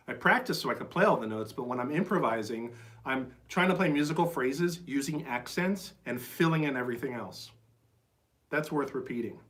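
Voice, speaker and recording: A man's voice: on the high side, fairly bright tone. A man giving a casual, enthusiastic drum lesson on a live stream, peppering his talk with "like" and "right?" and scatting rhythms aloud. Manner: chatty, enthusiastic, full of "like" and "right?"; scats rhythms aloud with syllables. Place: drum shed. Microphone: phone.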